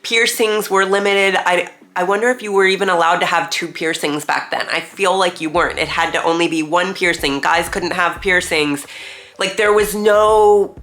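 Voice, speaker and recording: A woman in her thirties, nasal and congested from a cold, reminisces in a casual talking-head vlog and laughs easily. She's a retired theme park performer whose lowish voice stays steady and fairly bright at a normal speed.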